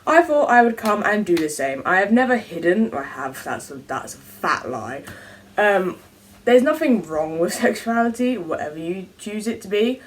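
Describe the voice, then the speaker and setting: A woman's voice: mid-range voice, very animated, normal speed, distant mic, a little hiss or hum. A teenage girl from England with an English accent, chatting to camera in a casual, self-mocking vlog. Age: teens. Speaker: vlogger.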